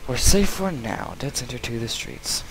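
A man giving casual let's-play commentary, muttering asides and then yelling loud bursts at the enemies he fights. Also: mid-range voice, expressive, normal speed, a crowd in the background, poor audio. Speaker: gameplay commentator. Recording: faint game noise behind.

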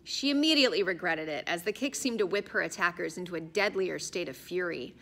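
A woman narrating an adventure audiobook in an expressive, storytelling manner. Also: lowish voice, a little fast. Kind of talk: scripted narration.

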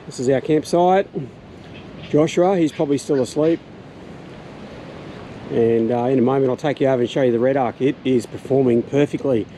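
A man's voice: medium pitch, warm tone, slight background noise. A middle-aged Australian man chatting casually while filming his beach campsite, laid-back and full of slang. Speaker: camping vlogger. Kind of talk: casual outdoor vlog chat.

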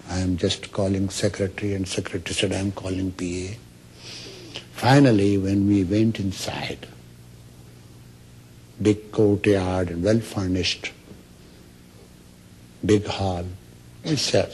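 A man's voice: deep voice, steady tone, unhurried, pauses often, darkish tone, slight background noise. A man giving a lecture on meditation as a spiritual teacher, telling stories and acting out the quoted speech. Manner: storytelling, acts out quoted speech.

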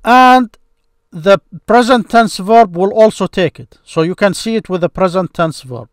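A man's voice: a little high, no echo, clean studio sound. A man teaching a grammar lesson, explaining each step patiently with occasional restarts.

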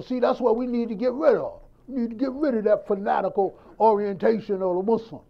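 A man's voice: sits high, expressive, brisk, vocal fry, few pauses, lo-fi sound. A man preaching a sermon in a conversational style, acting out dialogues and firing rhetorical questions.

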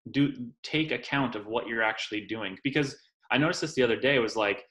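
Calm, reflective man, medium pitch. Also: fairly quick, low-quality recording. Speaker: podcast guest. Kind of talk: casual podcast chat.

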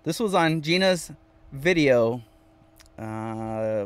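A man's voice: mid-range voice, animated, measured pace, long pauses. A man hosting a casual live stream from inside his van, reading viewer comments aloud and repeating phrases playfully. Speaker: vanlife livestream host.

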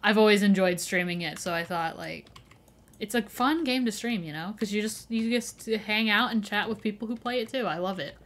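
A young woman talks casually to her chat while she streams a game. She is chatty and laughs often as she greets viewers and answers their questions. Her pitch sits in the middle of the usual range. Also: a little fast, a bit bright.

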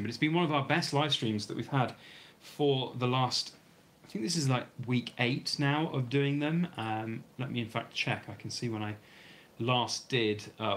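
Hosting a lengthy live stream, a British man chats loosely through viewer comments, his lowish, slightly bright voice growing worn as he begins losing it. There's a bit of background noise.

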